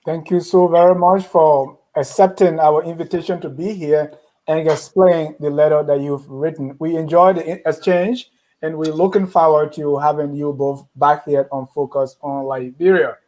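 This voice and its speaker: A man's voice: on the high side, level tone, moderate pace, darkish tone, low-quality recording. A man hosting a program, formally thanking guests and handing off to his co-host.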